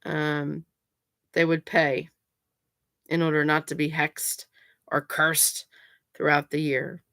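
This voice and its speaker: A pagan vlogger explains things in a casual, chatty way with plenty of fillers, growing emphatic and insistent when correcting people. Her voice is low-pitched and a bit bright, with a flat, slow delivery and clean, echo-free studio sound.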